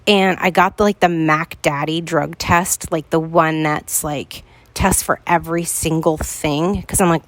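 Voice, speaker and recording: A woman's voice: fairly low pitch, fairly even intonation, measured pace, no room sound. A woman podcast host telling a personal story to her listeners, earnest and pleading as she recalls her own words.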